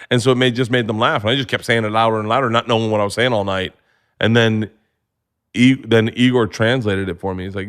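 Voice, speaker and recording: A man's voice: on the low side, quick pace. Profane storytelling comedian in his forties. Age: 40s. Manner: profane, animated, acts out quotes in his stories. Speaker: comedian guest. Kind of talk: casual storytelling chat.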